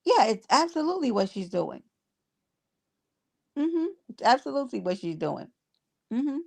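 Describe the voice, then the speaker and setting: A woman's voice: fairly high pitch, sing-song, moderate pace, vocal fry, pauses often. A woman hosting a casual livestream, talking bluntly to her viewers with exasperation and free cursing. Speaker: livestream host reading chat.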